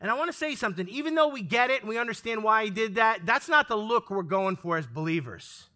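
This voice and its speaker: Animated preacher, high bright man's voice. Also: fast talker. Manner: animated, calls for amens, acts out quoted lines. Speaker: pastor. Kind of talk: sermon. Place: church sanctuary with congregation.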